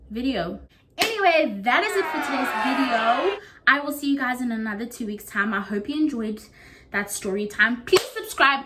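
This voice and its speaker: A young South African woman telling a storytime to her camera. Her pitch leaps high whenever she acts out other people's lines, then drops back to an easy, chatty tone. The delivery is casual and animated. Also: a little hiss or hum. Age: young adult. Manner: animated, acts out quotes with big pitch jumps. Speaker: YouTuber.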